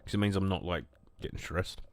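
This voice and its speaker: A young man with a deep, low voice chats idly over his gameplay. He rambles, cracks jokes and answers his viewers in an easygoing monotone. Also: fairly quick, dry recording. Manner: rambling, jokey, reacting to chat. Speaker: streamer. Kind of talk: casual gameplay stream chat.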